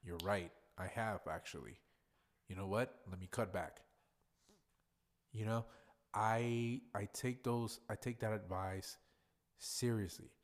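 A man's voice: fairly low pitch, slow, long pauses. A tipsy man hosting a podcast in a blunt, profane, ranting monologue. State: tipsy from drinking. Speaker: podcast host.

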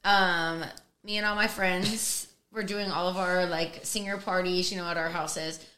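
A woman's voice: fairly low pitch, steady tone, measured pace, bright, forceful tone. A young woman chatting casually and telling profane party stories between laughs on a podcast. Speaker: podcast guest. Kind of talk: casual drunken chat.

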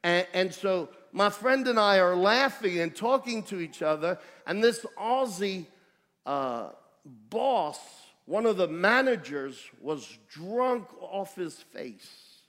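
A man with a New York accent, preaching and telling his life story in a conversational, animated way with self-deprecating humor. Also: high voice, slow, big-room sound. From United States. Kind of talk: storytelling sermon testimony.

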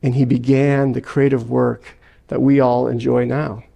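Gravelly-voiced male pastor preaching. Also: mid-range voice, flat delivery, mellow. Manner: storytelling, measured. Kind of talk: sermon.

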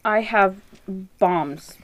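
A woman's voice: medium pitch, drawn-out words, fairly bright tone. A woman playing a tabletop game, talking in a playful, jokey way. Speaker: player. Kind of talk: casual tabletop game chat.

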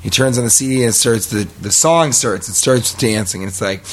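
A man's voice: fairly low pitch, a little fast. A middle-aged man telling a rambling, comic story on a podcast, acting out the quotes as he goes. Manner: rambling, animated, acts out quotes. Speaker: podcast host. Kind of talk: casual comedic storytelling.

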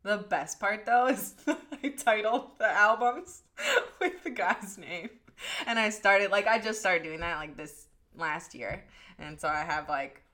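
A woman's voice: mid-range voice, lively intonation, unhurried, bright, forceful tone. A woman chatting casually and giggling on a podcast, with many fillers. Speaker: podcast guest. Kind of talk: casual chat.

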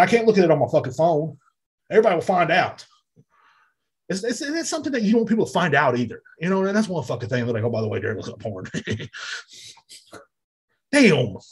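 A man hosting a podcast, ranting with loud, profane exasperation in a comedic monologue. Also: fairly high pitch, breathy edge. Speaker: podcast host. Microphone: podcast mic.

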